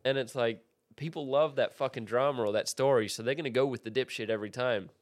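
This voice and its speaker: A man talking fast and loose in a relaxed podcast chat, heavy on profanity. He acts out both sides of his stories as he goes. The sound is close and dry. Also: mid-range voice, no room sound. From Australia. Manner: fast, profane, animated storytelling. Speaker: podcast guest, skateboarder. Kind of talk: casual chat.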